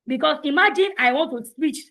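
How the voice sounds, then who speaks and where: A high-voiced woman leads an online session for teenagers. She speaks loudly and boldly, with a confident coach's delivery that pushes each point home. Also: a little fast, low-quality recording. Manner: loud, bold and confident. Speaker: teen identity coach. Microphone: online meeting.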